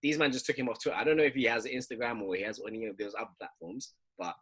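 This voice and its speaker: A man's voice: medium pitch, rapid-fire, husky. A man talking emphatically in a casual podcast chat with friends. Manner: emphatic, lively ranting. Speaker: podcast co-host.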